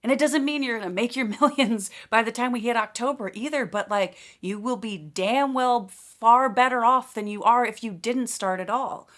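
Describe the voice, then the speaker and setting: Woman, higher voice, casual spiritual monologue, enthusiastic, emphatic. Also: normal speed, hardly any pauses, a bit bright. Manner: enthusiastic, emphatic, conversational with frequent laughs and fillers. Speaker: spiritual channeler giving an energy update.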